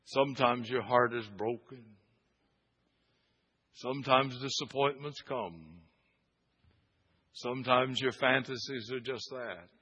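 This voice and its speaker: A male pastor preaching a sermon, swinging between loud exhortation and hushed repetition. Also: mid-range voice, takes it slowly, pauses often, husky. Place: church sanctuary. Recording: dull, echoey church sound.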